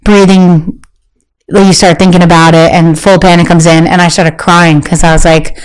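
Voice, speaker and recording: A woman in her thirties, a guest talking candidly in an interview, animated and quick to jump into high voices when she quotes people. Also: smooth, poor audio.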